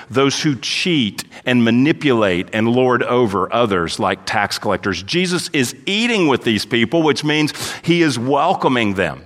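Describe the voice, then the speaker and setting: A man's voice: medium pitch, fairly bright tone. Man preaching with long hall reverb. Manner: reads scripture aloud, then explains it verse by verse. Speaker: pastor. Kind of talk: expository sermon.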